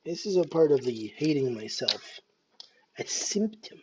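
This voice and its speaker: A man's voice: a little high, big pitch swings, a little slow, noisy background. A man in his thirties from Canada with a faint Scottish lilt, vlogging in a hesitant, self-deprecating way with many restarts. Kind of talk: casual nervous vlog monologue. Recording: dull lo-fi home recording.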